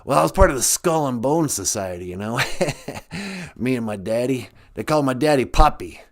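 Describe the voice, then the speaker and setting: A man's voice: medium pitch, expressive, moderate pace, natural voice. A man doing an impression of an older former male president, speaking in a hesitant, folksy drawl full of uhs. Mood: conspiratorial.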